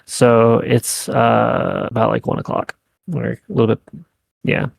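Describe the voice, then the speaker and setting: A man narrating as game master, halting and thinking aloud with lots of fillers. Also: medium pitch, little pitch movement, gravelly, dry recording.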